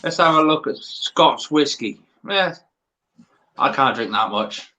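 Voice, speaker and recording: A man's voice: mid-range voice, expressive, slow, sharp tone. A man hosting a live stream, joking with guests and reading out chat messages. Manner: joking, banters and reads chat. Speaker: host, YouTuber.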